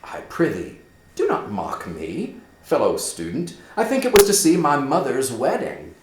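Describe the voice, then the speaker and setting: Guy doing a sarcastic bitter young prince, pitched way up, loud and emphatic, echoey room. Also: big pitch swings, normal speed, noisy background, natural voice. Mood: bitter sarcasm. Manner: emphatic, raised declamation.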